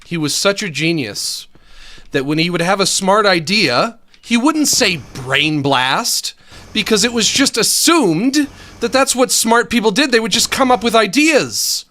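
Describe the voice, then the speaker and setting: A man's voice: high-pitched, animated, unhurried, bright, forceful tone. A man rambling casually while playing a game, laughing often and muttering to himself. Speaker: streamer.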